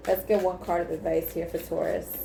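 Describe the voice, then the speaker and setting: A woman's voice: on the low side, level tone, brisk, creaky, background noise. Blunt, cussing woman tarot reader. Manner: blunt, emphatic, swears freely. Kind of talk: casual tarot reading to camera. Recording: echoey room with faint ambience.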